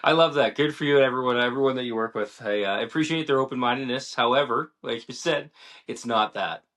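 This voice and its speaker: Male podcast co-host, mid-pitched, playful casual banter. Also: brisk, a bit bright. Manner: laughing, playful reactions. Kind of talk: casual chat.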